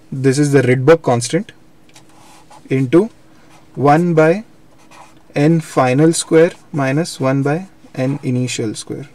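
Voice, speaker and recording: Young male tutor, slightly high voice, dry close sound, patient explanatory delivery. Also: darkish tone, dry recording. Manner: explanatory, repeats and self-corrects. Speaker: physics teacher. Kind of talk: live online lecture.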